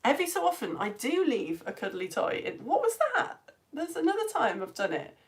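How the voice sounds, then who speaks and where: A woman science teacher on a live stream, chatting warmly and laughing as she greets viewers by name and reads their comments. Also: on the high side, sing-song, fairly quick, husky. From United Kingdom. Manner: bubbly, chatty, laughs often, rambling. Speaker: online science teacher for home educators.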